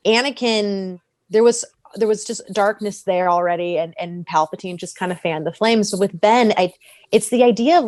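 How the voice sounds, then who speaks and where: A woman talking casually on a podcast, animated and laughing often as she breaks down a character. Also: mid-range voice, no echo. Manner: animated, laughs often, acts out quoted voices. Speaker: podcast co-host. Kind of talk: casual fan discussion.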